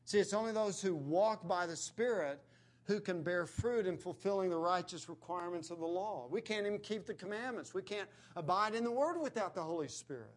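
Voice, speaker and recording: Earnest man preaching, slightly high voice. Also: fairly quick. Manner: earnest, emphatic preaching with rising stresses. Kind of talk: sermon.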